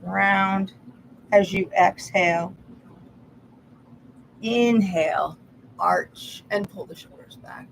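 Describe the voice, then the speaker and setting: A woman leading a yoga and movement class, calmly cueing breath and stretches with the odd soft laugh. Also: mid-range voice, slow, vocal fry, long pauses, a little hiss or hum, poor audio. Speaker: yoga instructor. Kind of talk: guided movement instruction.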